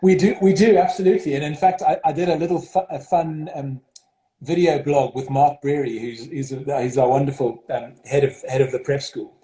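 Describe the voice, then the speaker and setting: In a video-call interview, a South African headmaster with a matching accent speaks briskly in a high-ish, mellow voice with fairly even intonation. He sounds hesitant, using many fillers and restarting often. The recording has roomy echo.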